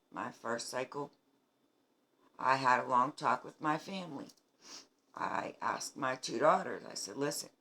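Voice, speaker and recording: A woman's voice: very deep voice, pushed and bright. A woman in her fifties from New England who speaks to viewers in an earnest, emphatic video diary about her treatment. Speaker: cancer patient sharing her treatment journey. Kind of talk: heartfelt personal video diary.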